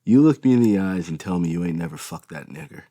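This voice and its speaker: A man's voice: deep voice, animated, fast, mellow, dry recording. A man reading an audiobook, voicing a hostile, jealous young fiancé who makes aggressive accusations. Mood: accusing.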